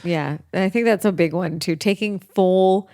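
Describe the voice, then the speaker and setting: A woman's voice: fairly low pitch, mellow, smooth. Teasing Canadian woman co-hosting a podcast. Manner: teasing, quick to laugh. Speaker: podcast co-host. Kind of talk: casual chat.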